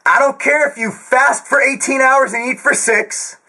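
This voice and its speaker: Loud, screaming, profane fitness ranter. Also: male voice, very high voice, fairly even intonation, moderate pace, breathy edge, low-quality recording. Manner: jokey, crude asides. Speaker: host of a fitness Q&A channel. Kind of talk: ranting direct-to-camera monologue.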